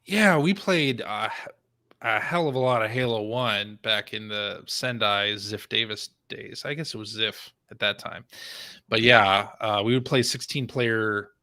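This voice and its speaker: A man's voice: fairly low pitch, unhurried, pushed and bright, dry recording, clean studio sound. A man hosting a casual gaming podcast, easygoing and self-deprecating. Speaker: podcast host. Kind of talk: casual chat.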